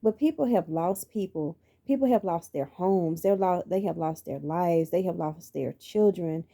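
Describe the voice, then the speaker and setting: A woman's voice: on the low side, normal speed, creaky, mellow. A middle-aged woman, telling her life story in an earnest, preacherly way and repeating phrases for emphasis. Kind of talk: personal motivational monologue.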